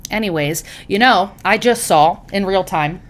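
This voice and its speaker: A woman co-hosting a podcast in casual chat, loud and profane, telling stories animatedly. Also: medium pitch, a little slow. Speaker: podcast co-host.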